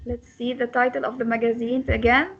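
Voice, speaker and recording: A woman's voice: a little high, level tone, brisk, husky, dull audio. A woman teaching an English class on word and sentence stress, repeating words and breaking them into syllables, with small grammar slips. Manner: non-native grammar slips.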